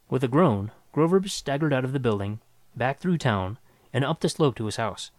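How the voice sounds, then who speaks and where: A man reading a science fiction story aloud with dramatic, expressive narration. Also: medium pitch, moderate pace, no room sound.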